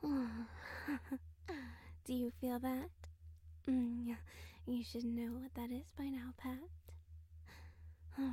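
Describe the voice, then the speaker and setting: A woman voicing a domineering royal temptress with a tail, in a whispered role-play, giving slow hypnotic commands in a breathy whisper close to the mic. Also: a little high, warm tone, no echo, exaggerated voice. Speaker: audio role-play performer.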